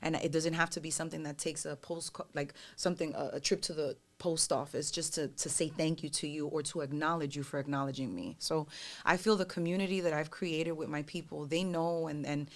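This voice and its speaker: Woman, podcast guest, gravelly, lower pitch, animated storyteller, profane. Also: brisk. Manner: animated, profane, acts out voices. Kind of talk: casual storytelling chat.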